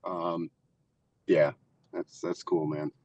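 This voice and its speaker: A man's voice: low voice, little pitch movement, slow pace, darkish tone, dry recording, muffled recording. A candid, reflective male interview guest. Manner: reflective, candid, with frequent fillers. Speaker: podcast guest, haunt actor. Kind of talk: casual interview chat.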